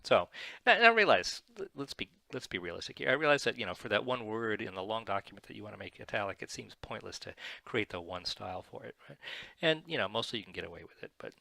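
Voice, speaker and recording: A man with a somewhat low, gravelly voice hosts a relaxed screen-share tutorial on software. He talks in a chatty, digressive way with fillers and self-corrections, his tone bright and edged. The sound is dry and close, with no room echo. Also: fast.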